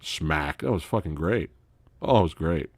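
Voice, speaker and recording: Profane, animated man hosting a live stream. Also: sits low, normal speed, breathy edge, no room sound. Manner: profane, animated storytelling with frequent laughter. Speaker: host. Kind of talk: casual live-stream chat.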